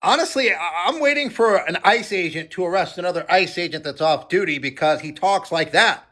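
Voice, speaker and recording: A man's voice: sits high, lively intonation, fairly quick, fairly bright tone. A man reacting with sarcastic, incredulous and profane commentary. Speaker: social media commentator.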